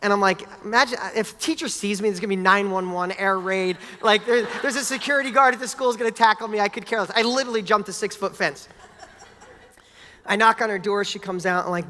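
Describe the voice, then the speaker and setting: A man giving a motivational talk, telling a personal story in an energetic, animated way with casual swearing. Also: high voice, fast talker. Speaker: motivational speaker. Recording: long hall reverb.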